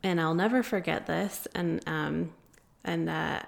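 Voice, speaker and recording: A woman guest telling a long story in an interview, earnest and pausing often with fillers. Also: on the low side, steady tone, vocal fry. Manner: earnest, many filler pauses. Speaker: guest, founder of an anti-trafficking group.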